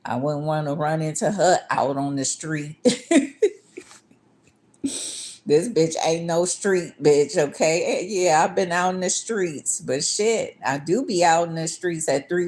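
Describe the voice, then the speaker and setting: A woman vlogger ranting to her viewers in a casual monologue, with a voice sitting a little low for a woman. She is blunt and heavily profane, and she circles back over the same angry words as she works herself up. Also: a little slow, darkish tone. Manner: angry, repeats herself when worked up.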